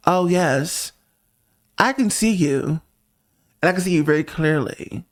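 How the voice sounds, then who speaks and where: A man's voice: on the high side, animated, measured pace. Sassy, emphatic male music reviewer. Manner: sassy, emphatic, talks straight to the viewer. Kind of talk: casual opinionated monologue.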